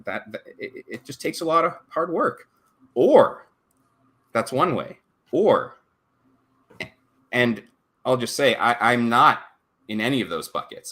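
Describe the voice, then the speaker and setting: A man's voice: mid-range voice, a bit bright. A man in his thirties on a live-stream panel, speaking in a thoughtful, anecdotal way with many fillers. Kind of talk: casual panel talk.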